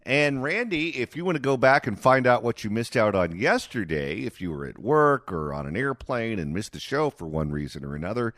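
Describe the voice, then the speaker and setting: A man hosting a talk radio show, speaking in a sarcastic, animated way. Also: medium pitch, moderate pace, hardly any pauses, dry recording, clean studio sound.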